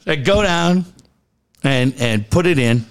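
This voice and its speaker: A talk show host spins a profanity-laden story in a casual chat, performing quoted lines in lively character voices. His mid-range voice is smooth and a little slow.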